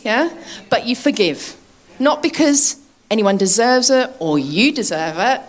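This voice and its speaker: A woman preaching a sermon in a chatty way, laughing often and asking her listeners to agree. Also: mid-range voice.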